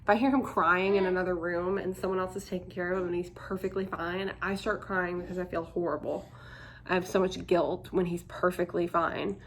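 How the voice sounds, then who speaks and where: A young woman talks candidly to her camera in a relaxed, chatty vlog, her low voice catching in a gravelly fry. Fillers tumble in as she talks. A faint hum of room noise sits under the recording. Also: brisk. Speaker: vlogger. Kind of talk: casual chat to camera.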